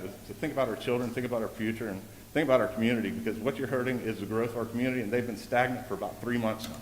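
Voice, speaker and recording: Earnest father pleading at a board meeting. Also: mid-range voice. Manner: earnest, pleading, repeats himself. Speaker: parent giving public comment. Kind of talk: public comment at a school board meeting. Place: school board meeting room. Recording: echoey meeting hall, faint background hiss.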